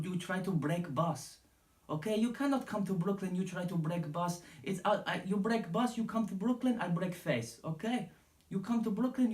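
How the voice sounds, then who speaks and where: A man's voice: high-pitched, a little mellow, reverberant, pitched above the performer's own voice, lightly acted. A man imitating an angry male fighter who threatens in short bursts of broken English.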